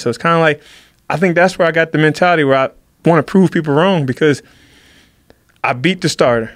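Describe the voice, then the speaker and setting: A man recounting a personal story at a rapid clip, lively and animated as he acts out what others said to him. His voice is close and dry, with no room sound around it. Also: a little high, no echo. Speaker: podcast guest, fighter. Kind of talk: casual storytelling.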